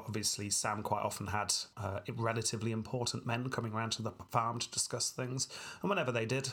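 Husky man telling history with dry wit. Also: on the low side, bright, forceful tone. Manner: dry and wry, laughs often, tangents. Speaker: podcast co-host narrating history. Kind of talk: casual storytelling chat.

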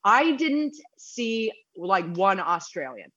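A woman's voice: mid-range voice, big pitch swings, slow pace, sharp tone, no room sound. Woman guest, chatty and self-deprecating, dull lo-fi audio. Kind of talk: casual interview chat.

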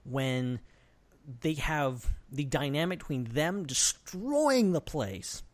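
A man's voice: fairly high pitch, lively intonation, slow pace. A man co-hosting a casual podcast, talking in a playful, loose and self-mocking way. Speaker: podcast co-host.

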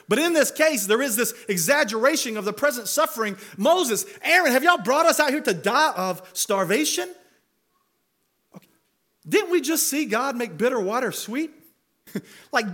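A man's voice: sits high, fairly bright tone. A man preaching a sermon as pastor, talking conversationally and building to emphatic rhetorical questions. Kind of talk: expository sermon.

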